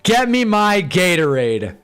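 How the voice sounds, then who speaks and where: Excitable high-voiced man streaming a game. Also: slow, clean tone, faint music behind. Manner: excitable, swings from glum to shouting joy. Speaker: live-stream host. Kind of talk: live game watch-along commentary.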